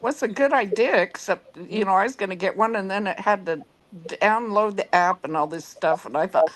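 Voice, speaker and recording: A woman joins a friend's story in relaxed chat, breaking in with teasing remarks and quick laughs. Her voice sits at an ordinary middle pitch. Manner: chimes in, teases, laughs. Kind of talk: casual chat.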